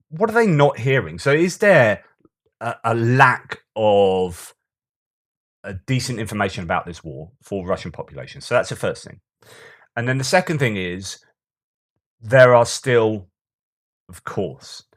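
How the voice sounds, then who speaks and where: A man with a fairly low voice delivers solo commentary on the news. He keeps things conversational, trips over his words and restarts often, and slips into sarcastic asides.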